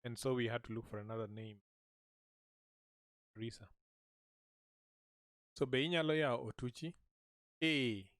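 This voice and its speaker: A man teaching a language lesson, saying short phrases slowly and repeating them so listeners can echo him. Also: medium pitch, a bit bright, clean studio sound.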